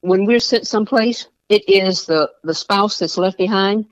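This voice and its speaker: Guesting on a podcast, this state senator and veteran talks with passion and leans on repeated phrases for emphasis. She has a mid-range voice and a measured pace, recorded dry, dull and lo-fi.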